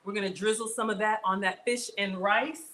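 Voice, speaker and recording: A woman's voice: mid-range voice, fairly even intonation, fairly quick, fairly bright tone, a little hiss or hum, low-quality recording. A middle-aged woman hosting a casual cooking livestream, chatting with viewers, greeting them by name and laughing often. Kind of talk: casual live cooking chat.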